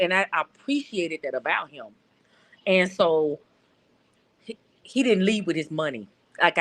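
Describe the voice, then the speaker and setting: A woman's voice: on the low side, fairly bright tone. A middle-aged woman from North Louisiana calling in to a casual chat, talking earnestly and often repeating words as she searches for them. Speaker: caller.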